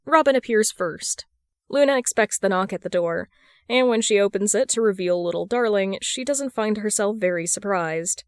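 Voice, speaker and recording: A woman narrating a fan fiction story in a steady, even read. Her voice sits mid-range, and the recording is dry and close with no room echo. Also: mid-range voice, normal speed. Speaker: podfic reader.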